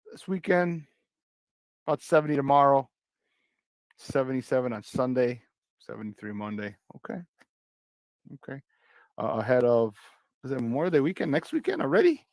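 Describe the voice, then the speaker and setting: A man with a Chicago accent hosting a morning sports talk show, loose and joking as he gives shout-outs and runs down the lineup. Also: mid-range voice, dry recording, clean studio sound. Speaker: sports talk radio host.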